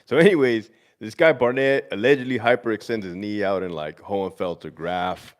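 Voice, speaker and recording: A man in his thirties with a somewhat low voice, trading army stories in casual chat. He swears freely, cracks jokes and laughs a lot. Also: a little fast. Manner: profane, joking, laughs a lot. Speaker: army veteran podcast co-host.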